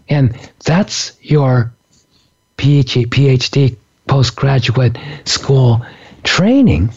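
A man telling a story in a relaxed spiritual talk, animated and laughing often. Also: a little high, husky, lo-fi sound. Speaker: author and speaker.

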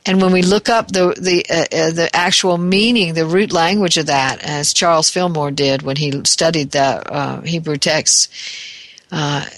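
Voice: medium pitch, fairly even intonation, unhurried, a bit bright, no room sound. A spiritual teacher giving a reflective talk, thinking aloud, searching for words and correcting themselves as they go. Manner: thoughtful, searching, self-correcting.

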